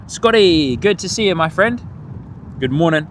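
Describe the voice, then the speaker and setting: A man's voice: fairly high pitch, animated, normal speed, a bit bright. Chatty man commenting live outdoors. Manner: chatty, answers viewer chat, laughs often. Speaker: live stream host. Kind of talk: live plane spotting commentary. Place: outdoors by an airport on a cold windy morning. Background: wind and outdoor ambience.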